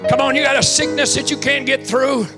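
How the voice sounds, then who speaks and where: A man's voice: very high-pitched, steady tone, a little fast, loud music behind the voice. A man preaching a sermon, calling out to the congregation with rising fervor. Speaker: pastor.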